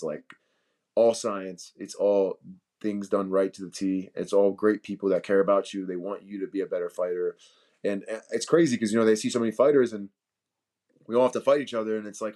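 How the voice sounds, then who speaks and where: A young man talks easily in an interview over a video call, loose and slangy. His voice sits on the low side, and he often breaks into laughter between thoughts. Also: darkish tone. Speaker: UFC welterweight fighter. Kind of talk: casual interview chat.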